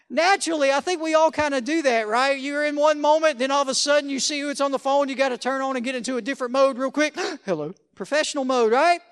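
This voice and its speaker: A man preaching a sermon as pastor, conversational, with joking asides and rhetorical questions. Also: very high voice.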